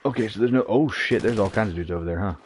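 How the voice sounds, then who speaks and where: A man's voice: lowish voice, rapid-fire, a little hiss or hum. A man streaming an online shooter game, joking, swearing and talking to himself and his teammates as he plays. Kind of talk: live gameplay commentary.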